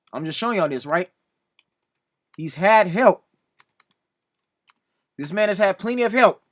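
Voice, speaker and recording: High, bright-voiced exasperated man. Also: animated, a little slow, pauses often. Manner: exasperated, repeatedly pleading "come on now"; addresses another commentator directly. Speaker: sports reaction video host. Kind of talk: casual reaction commentary.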